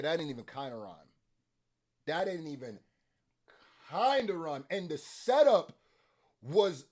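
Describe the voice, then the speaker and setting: A young man with a slightly raised pitch runs a casual reaction video. He talks in an animated, excitable way. He laughs often and swears freely while judging rap lines. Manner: scores bars with playful points and deductions.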